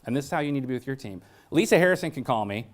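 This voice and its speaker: Man, workshop presenter, blunt and joking, animated pitch, storytelling, quizzes the audience. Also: very fast. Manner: asks the audience frequent questions. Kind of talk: training talk to staff.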